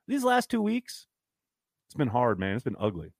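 A man's voice: mid-range voice, wildly swooping pitch, normal speed, vocal fry, no echo. Podcast guy chatting w fans, blunt and fed up, voice jumps all over, super dry close sound. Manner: frank, downbeat and exasperated, swearing freely. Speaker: podcast host reading fan comments. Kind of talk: casual live-stream chat.

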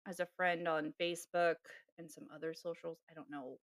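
A woman co-hosting a podcast, telling a dating story in a casual, animated way with sighs and laughs. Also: deep voice, normal speed, no room sound, clean studio sound. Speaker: podcast co-host. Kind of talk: casual chat.

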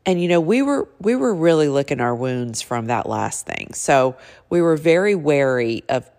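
A woman's voice: sits low, sing-song, normal speed, a little mellow, long reverb tail. A middle-aged woman who works in real estate, telling a personal story in a chatty, earnest way and turning tearful as she speaks. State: teary, voice breaking.

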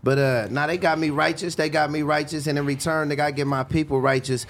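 A man's voice: on the high side, fairly even intonation, fast. A man from Northern California, a guest rapper, talking in a laid-back, slang-heavy way in a casual interview.

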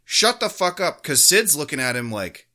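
A man's voice: a little high, sing-song, normal speed, sharp tone. A man co-hosting a sports podcast, ranting heatedly with constant swearing. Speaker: podcast co-host. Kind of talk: casual podcast rant.

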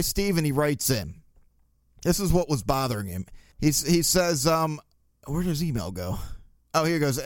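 A man's voice: on the high side, smooth, dry recording, clean studio sound. A young adult man hosting a sports podcast, talking casually in a blunt, joking, profane way. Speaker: podcast host.

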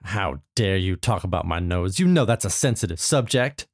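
A man playing a touchy, vain young female pop star who snaps back with quick, accusing retorts in an improvised comedy scene. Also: sits low, expressive, no echo, studio quality. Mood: offended.

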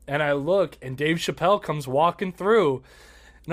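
A young man with a high-pitched voice speaks fairly quickly as he tells an animated story in casual podcast chat, swearing, laughing, and replaying his own shouts.

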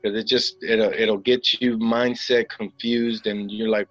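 A man's voice: fairly low pitch, flat delivery, unhurried, a bit bright, soft background music. A man chatting as a guest on a podcast in a loose, rambling way, dull lo-fi recording. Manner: rambling, laid-back, full of fillers and "man". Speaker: podcast guest, actor and author. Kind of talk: casual interview chat.

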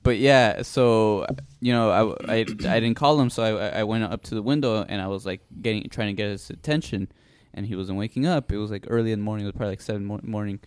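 Low-voiced young man, relaxed rambling. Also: quick pace, hardly any pauses, smooth, no echo. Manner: relaxed rambling storytelling, laughs along. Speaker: podcast co-host. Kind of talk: casual chat. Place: podcast studio.

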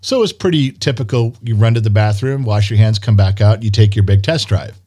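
A man's voice: on the low side, fairly quick, warm tone, husky. A man, a podcast co-host, chatting casually, rambling through stories and teasing his co-host. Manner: rambling storyteller, swears, teases. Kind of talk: casual chat.

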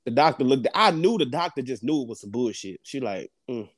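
A man's voice: medium pitch, fairly quick, no room sound, studio quality. A young man tells a story in casual podcast chat, swearing and laughing often. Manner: animated, profane, laughs often. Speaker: podcast co-host.

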